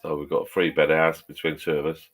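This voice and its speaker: Deep-voiced sweary Englishman in his fifties. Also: monotone, fairly quick. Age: 50s. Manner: rambling, sweary, chuckling. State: a few beers in. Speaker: vlogger. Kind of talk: rambling casual chat. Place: home pub shed.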